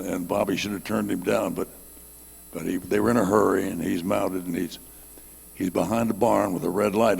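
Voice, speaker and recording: A man's voice: on the low side, gravelly, slightly rough, long reverb tail. An older man telling a rambling, folksy anecdote on a reunion panel and laughing at his own jokes. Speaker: panel guest telling a story.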